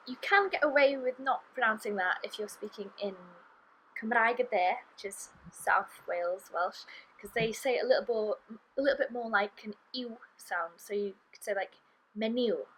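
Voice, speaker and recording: A woman teaching a language lesson online, slowly saying and repeating each sound for learners, recorded indoors in a city. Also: mid-range voice, a bit bright, rough recording. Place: indoor room in a city, street traffic outside.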